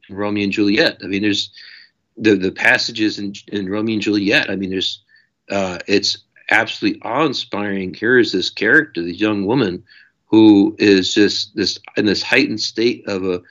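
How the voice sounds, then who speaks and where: Low-voiced man in dull lo-fi audio. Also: a bit bright. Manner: passionate, discursive. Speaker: author guest. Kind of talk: casual interview chat.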